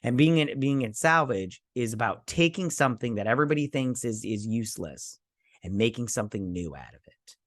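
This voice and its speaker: A man's voice: mid-range voice, expressive, fairly quick, dry recording, studio quality. A man hosting a casual show recap, sarcastic and rambling, often quoting characters in voices. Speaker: host.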